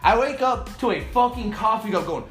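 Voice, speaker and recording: Young guy guest, high voice, lively swearing storyteller, roomy sound. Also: a little fast, soft background music. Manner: animated, swearing, acting out quotes. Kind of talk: casual storytelling.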